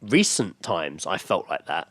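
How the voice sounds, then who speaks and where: A man co-hosting a podcast, telling stories quickly in casual chat, swearing and acting out what people said. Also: deep voice, sing-song, a bit bright, dry recording, studio quality. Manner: rapid storytelling, swearing, acting out quotes. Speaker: podcast co-host.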